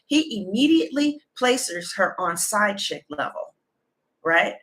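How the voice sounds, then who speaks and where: A woman, a tarot reader chatting casually to viewers and retelling a conversation in lively detail. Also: mid-range voice, unhurried. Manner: animated storytelling, retelling others' words.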